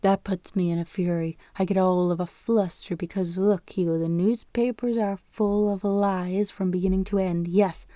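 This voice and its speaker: Squeaky falsetto, ranting middle-aged clerk, read by a woman. Dark-toned, dry read. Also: steady tone, normal speed, hardly any pauses, no echo, natural voice. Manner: ranting, insistent. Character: shrill, argumentative middle-aged male clerk. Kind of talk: audiobook character reading.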